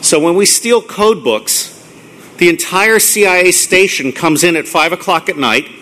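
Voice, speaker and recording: A middle-aged man giving a live lecture to an audience, blunt and profane, ranting excitedly. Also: sits high, a little slow. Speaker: conference speaker.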